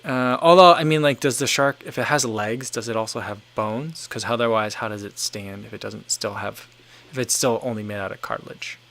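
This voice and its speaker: A man's voice: lowish voice, brisk, gravelly, fairly bright tone. A man in his thirties hosting a casual livestream, reading viewer comments aloud and musing in a loose, rambling way full of "like" and "um". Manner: rambling and easygoing, leans on "like" and "um". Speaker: livestream host.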